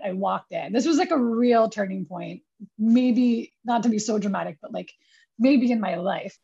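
Gravelly, husky young woman producer. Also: medium pitch. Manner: chatty, self-deprecating, lots of "like". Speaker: film producer guest. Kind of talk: casual interview storytelling. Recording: dull lo-fi recording.

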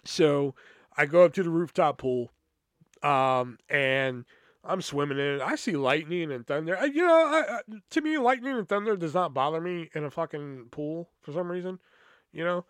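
A man's voice: a little high, expressive, moderate pace, a bit bright, no room sound, clean studio sound. A young man hosting a podcast, telling a rambling, swear-filled story with lots of fillers. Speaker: podcast host. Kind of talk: casual comic storytelling.

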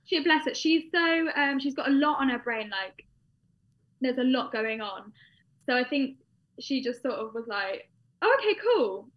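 A young woman with a British accent recounts a personal story in a loose, chatty manner, full of fillers and asides. Her voice sits fairly high. The recording sounds dull and lo-fi. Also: moderate pace. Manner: chatty, with frequent fillers and laughs. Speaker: guest.

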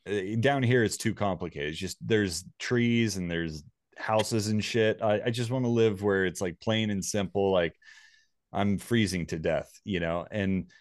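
A man's voice: fairly low pitch, unhurried, no echo, clean studio sound. A man casually telling a personal story, rambling and swearing freely.

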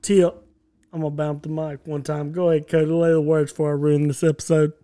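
A man's voice: a little high, level tone, fairly quick, dark tone, no room sound, studio quality. A man hosting a podcast in casual chat, joking and teasing his co-hosts before signing off. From American South. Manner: joking, teasing, reads sign-off and plugs. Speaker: podcast host.

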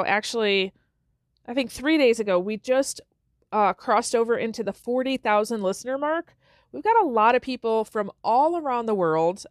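Chatty woman podcast host, crisp dry sound. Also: on the high side, no echo. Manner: checks in often with "okay?" and "right?"; conversational, with everyday examples. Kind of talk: self-help podcast talk.

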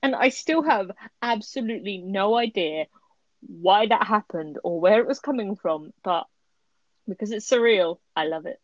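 A woman's voice: medium pitch, animated, moderate pace, dry recording. A woman co-hosting a podcast, chatting casually and with animation about a story, often laughing as she talks. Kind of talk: casual chat reviewing a story. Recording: dry, slightly muffled lo-fi recording.

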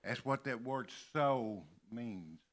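An older man from Kentucky preaching a sermon in a church, slowly stressing and repeating key words. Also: mid-range voice, expressive. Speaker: pastor. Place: church sanctuary.

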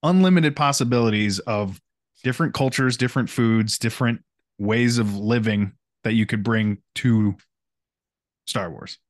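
A man's voice: on the low side, normal speed, no room sound, studio quality. A man co-hosting a casual chat podcast, easygoing and agreeable, laughing along with his partner. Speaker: podcast co-host.

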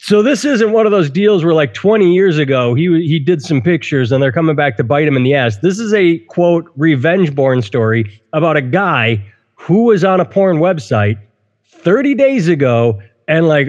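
A man's voice: a little high, animated, normal speed, a little mellow, long reverb tail. A man hosting a podcast, chatting casually and wryly about odd news stories and reading out quotes. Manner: wry, amused, reads out quotes. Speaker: podcast host. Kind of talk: casual comedic news chat. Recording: slightly dull lo-fi sound.

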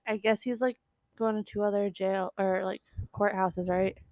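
A woman's voice: mid-range voice, steady tone, moderate pace, darkish tone, no room sound, highs cut off. A woman co-hosting a podcast in casual banter, giddy and teasing, swearing freely. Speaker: podcast co-host.

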